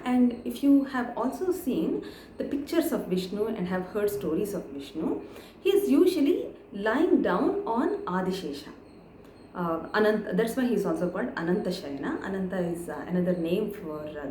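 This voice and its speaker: A woman storyteller retelling a scripture tale to camera, animated, asking her listeners questions and pausing on fillers. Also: mid-range voice, slight background noise. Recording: echoey room with faint ambience.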